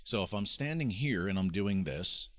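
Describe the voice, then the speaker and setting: In a dry recording, a man with a fairly low, lively voice speaks at a moderate pace in a bright, forceful tone. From his home studio with a mixing board, he casually walks speakers through microphone technique step by step for an instructional video demo, switching between handheld microphones.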